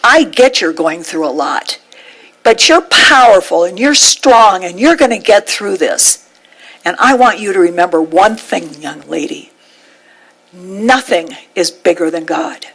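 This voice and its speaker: A kindly white-haired fishmonger, gentle and firm, talks in a lowered, fatherly voice, as a woman preacher puts him on. He sounds earnest and reassuring. The voice is pitched noticeably lower than her own. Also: expressive, measured pace, vocal fry, husky, exaggerated voice, poor audio. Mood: tender, firm.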